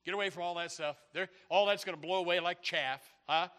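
A man preaching a sermon in a church, rambling and excitable, with many restarts and sudden shouted bursts. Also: high-pitched, brisk, clear, resonant tone. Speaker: pastor. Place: church sanctuary. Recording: long hall reverb.

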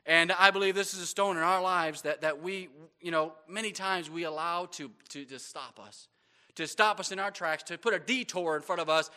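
A man's voice: high-pitched, normal speed, sharp tone. A man preaching a sermon as pastor, with frequent amens and repeated stumbles on words.

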